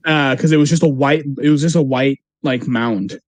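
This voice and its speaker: A man's voice: medium pitch, normal speed, dry recording. A young man, a podcast co-host, telling a story in a casual, laid-back chat and laughing often.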